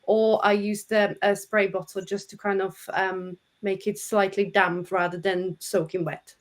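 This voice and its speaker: A woman's voice: mid-range voice, flat delivery, a little slow. A woman co-hosting a live online Q&A, thoughtful and explaining step by step with the odd um. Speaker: co-host.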